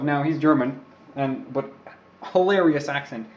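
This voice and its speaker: On his overclocking livestream, the young Czech host speaks a little slowly, his voice a little high and a little mellow. His commentary is rambling, jokey and self-deprecating, and the sound is roomy and slightly dull.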